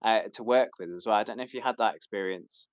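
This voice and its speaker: A man's voice: lowish voice, fast talker, dry recording, lo-fi sound. A man, chatting hesitantly as a podcast guest, with many fillers and restarts. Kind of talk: casual chat.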